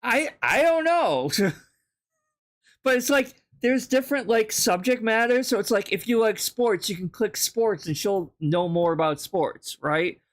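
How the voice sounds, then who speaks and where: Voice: medium pitch, lively intonation, a little slow. A podcast host in casual chat over a voice call, talking loosely with many fillers and frequent laughs.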